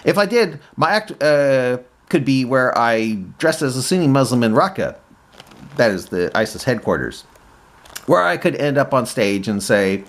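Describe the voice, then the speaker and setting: A man's voice: mid-range voice, very animated, moderate pace. A man talking casually to camera as a vlogger, with frequent restarts and hesitations as he sets up his comedy idea. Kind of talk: casual rambling commentary.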